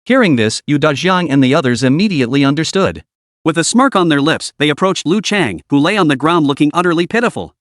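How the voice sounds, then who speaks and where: A man's voice: on the high side, animated, fast talker, no echo, studio quality. A man narrating a comic story recap in a dramatic storytelling manner.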